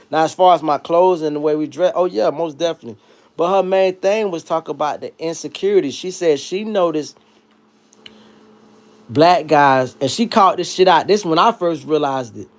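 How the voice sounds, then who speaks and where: A man with a notably high-pitched voice hosts a casual livestream, ranting and joking with plenty of profanity. His delivery is animated and loose. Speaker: livestream host.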